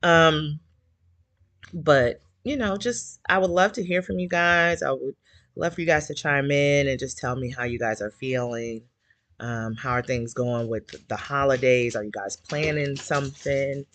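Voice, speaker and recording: A woman's voice: a bass voice, a little slow, a bit bright, no room sound. A woman hosting a casual chat with listeners, speaking candidly and emotionally, a little teary, with many fillers. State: slightly teary. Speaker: community group host.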